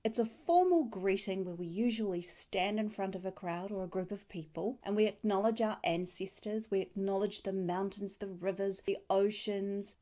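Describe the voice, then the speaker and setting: A woman with a New Zealand accent teaching a language lesson, pronouncing words slowly and carefully. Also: medium pitch, a little mellow. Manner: slow, careful, clear pronunciation.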